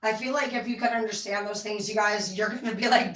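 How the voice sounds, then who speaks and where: A woman's voice: mid-range voice, steady tone, fast, hardly any pauses, fairly bright tone, reverberant, far from the mic, poor audio. A woman giving candid, profane advice in a casual monologue, acting out other people's lines. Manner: candid and profane, acts out quoted voices. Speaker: speaker giving life advice.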